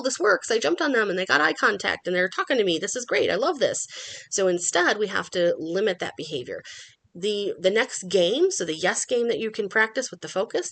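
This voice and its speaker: A middle-aged woman hosting a dog-training podcast, explaining methods in an instructional tone and acting out the dogs' thoughts in a playful voice. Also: creaky. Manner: animated, acts out dog thoughts in a high playful voice.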